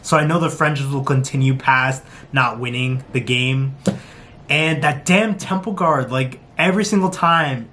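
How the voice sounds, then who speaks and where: A man talking to camera in a casual review vlog, animated and laughing often, slipping into quick impressions. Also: mid-range voice, slight background noise. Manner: talks with his hands. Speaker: show reviewer.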